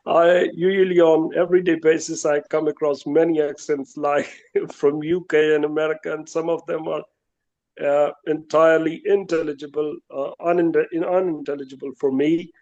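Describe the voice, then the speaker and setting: A man joining an English practice video call, speaking politely and formally and pausing often on uh fillers. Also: a little high, level tone, darkish tone, lo-fi sound. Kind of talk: casual group video call chat.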